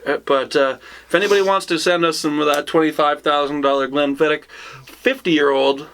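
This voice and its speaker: A man hosting a casual whiskey tasting, joking around and reading tasting notes slowly. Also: a little high, steady tone, a bit bright, clear, resonant tone. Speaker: show host.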